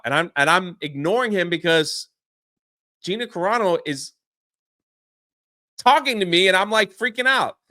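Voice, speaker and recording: Male podcast guest, animated storyteller, slightly high and bright, dry. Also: moderate pace, pauses often, no room sound. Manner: excitable, swears mildly, acts out quotes.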